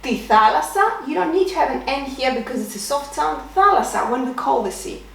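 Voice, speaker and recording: Woman, high lively voice, language teacher, patient step-by-step explanations, echoey room, mic far off. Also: a little fast, vocal fry, slight background noise. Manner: patient, explains step by step with fillers and self-corrections. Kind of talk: beginner language lesson. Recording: roomy echo, distant from the mic.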